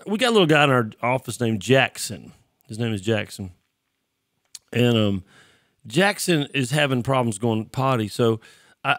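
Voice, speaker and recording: A man hosting a Christian show, talking casually and teaching, congested and often clearing his throat. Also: medium pitch, a bit bright, dry recording, studio quality. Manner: chatty, self-deprecating, throat clearing. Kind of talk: casual sermon talk.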